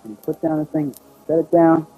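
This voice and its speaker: A man's voice: a little high, steady tone, fairly quick, husky, narrow, tinny audio, faint music behind. A middle-aged man telling a personal story in a rambling, folksy way, acting out what others said to him. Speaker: abduction witness.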